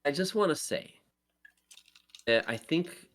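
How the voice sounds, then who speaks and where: A man in his forties hosting a podcast, animated, joking and opinionated in casual chat. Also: on the high side, slow pace. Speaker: podcast host.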